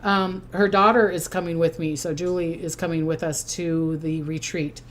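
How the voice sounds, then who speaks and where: Older woman, Minnesota accent, lowish voice, rambling and chatty as a psychic hosting a casual livestream. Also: fairly even intonation, normal speed, slight background noise. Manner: chatty and rambling, reading out viewer comments. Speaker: psychic host.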